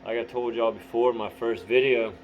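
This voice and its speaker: A man's voice: medium pitch, steady tone, a little fast. Blunt, heavily swearing man, dull lo-fi audio. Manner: blunt, swears constantly, frequent throat clearing. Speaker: vlogger. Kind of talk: candid motivational monologue. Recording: dull lo-fi audio with faint hum.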